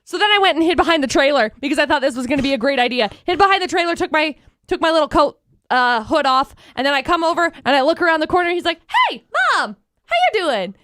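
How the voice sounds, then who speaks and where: A young woman with a high, bright-sounding voice tells stories in a casual chat-show style. She is animated and acts out the lines of everyone in her tales. The sound is dry and close, with no room around it. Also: very fast, no room sound. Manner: lively storyteller who acts out voices. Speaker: radio show co-host.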